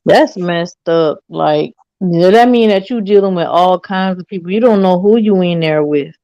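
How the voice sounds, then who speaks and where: A woman chatting casually, relaxed and matter-of-fact. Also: fairly low pitch, moderate pace, dry recording, muffled recording. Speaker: podcast co-host. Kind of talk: casual chat.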